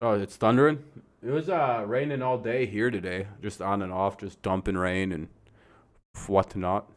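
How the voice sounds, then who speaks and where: A man's voice: lowish voice, fairly even intonation, moderate pace. A man hosting a live stream, giving laid-back, profane commentary as he calls the downs and time left. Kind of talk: casual watch-along commentary.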